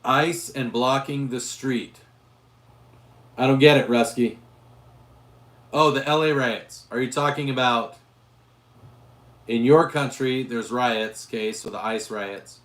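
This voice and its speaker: A man hosts a casual gun livestream, answering viewers while his voice wears hoarse. He rambles and restarts often, at a middling pitch. The room around him rings with echo. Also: slow, pauses often, fairly bright tone. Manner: rambling, with frequent restarts and fillers. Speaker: gun channel host reading live chat.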